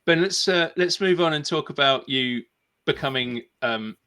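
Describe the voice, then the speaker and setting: A man's voice: a little high, moderate pace, pushed and bright, clear, resonant tone. A man hosting a podcast interview, thoughtful and asking easy open questions. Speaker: podcast host. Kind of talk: casual interview chat.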